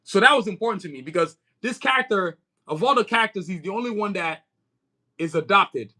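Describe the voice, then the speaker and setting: Casting: male livestream host, American accent with a Nigerian edge, high and forceful voice, loose slangy rambling. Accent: American with a Nigerian touch. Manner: slangy, rambling, keeps saying "you know what I'm saying". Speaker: livestream host and comic creator. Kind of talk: casual livestream chat.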